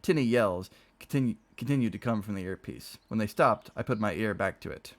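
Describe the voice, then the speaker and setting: A man reading a novel aloud on a stream, with expressive storytelling delivery. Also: fairly low pitch, fairly quick.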